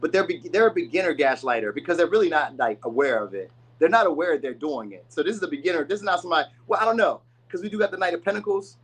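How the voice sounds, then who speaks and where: A man talks through a tarot reading in a loose, rambling way, full of asides. His voice sits a little high for a man, and he now and then slips into voices for the people he describes. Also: expressive, quick pace, few pauses, a bit bright, husky, low-quality recording. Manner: loose, rambling, chatty delivery with many asides; acts out quoted people in voices. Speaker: tarot reader. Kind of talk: casual tarot reading to camera.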